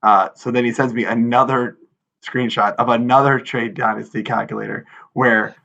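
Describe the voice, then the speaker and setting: A man in his thirties co-hosting a podcast, telling an animated story in casual chat and acting out quoted lines with exasperation. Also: medium pitch, moderate pace, vocal fry, highs cut off. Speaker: podcast co-host.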